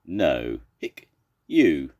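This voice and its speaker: A man's voice: lowish voice, wildly swooping pitch, takes it slowly, creaky, breathy edge, pitched above the performer's own voice, full character voice. An older man voicing a proud, fretful young male zebra who keeps hiccuping mid-sentence, in a children's storybook reading. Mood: fussy.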